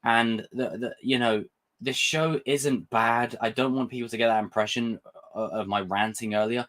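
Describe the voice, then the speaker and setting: A young man hosting a casual livestream review, talking in an excitable, rambling way and swearing freely. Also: mid-range voice, moderate pace. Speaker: host.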